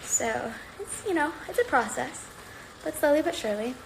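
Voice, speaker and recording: A woman's voice: sits high, lively intonation, moderate pace, vocal fry, slight background noise, low-quality recording. A woman chatting casually on a livestream from home, rambling and upbeat while slightly out of breath from exercising. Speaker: livestream host.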